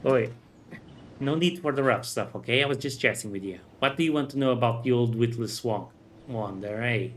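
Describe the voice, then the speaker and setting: A man's voice: mid-range voice, brisk, a little hiss or hum, lightly acted. Man doing a slangy streetwise thief. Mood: sly. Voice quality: rough, slangy.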